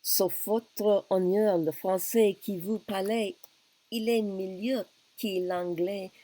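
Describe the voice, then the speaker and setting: A woman reading aloud a shy, formal young French princess, raising her voice higher and speaking French phrases. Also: steady tone, slow, dark tone, no room sound. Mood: polite. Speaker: teacher reading a play aloud. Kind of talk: dramatic reading of a play.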